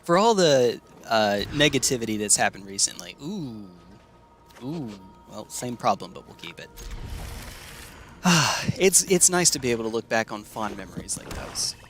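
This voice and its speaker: A man's voice: mid-range voice, very animated, normal speed, fairly bright tone, faint music behind. Chatty young man streaming a card game. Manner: chatty and rambling, laughs often, reacts aloud to plays. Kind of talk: casual gameplay commentary chatting with stream chat.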